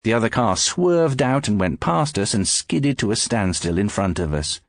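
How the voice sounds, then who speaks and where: A man narrating an audiobook in scripted, expressive storytelling, close to the mic. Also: lowish voice, moderate pace, no room sound.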